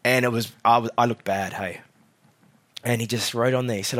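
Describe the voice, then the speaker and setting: A young man giving a sermon as a guest preacher, telling his own story quietly and then rallying the congregation loudly. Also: fast talker. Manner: drops soft and low for the story, then loud and rousing with the crowd. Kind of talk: sermon with personal testimony. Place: church hall.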